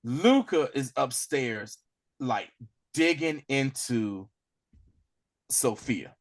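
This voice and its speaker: A man's voice: mid-range voice, extremely slow. A man co-hosting a podcast, casually recapping an episode and acting out the characters. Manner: animated storytelling, acts out characters. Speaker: podcast co-host.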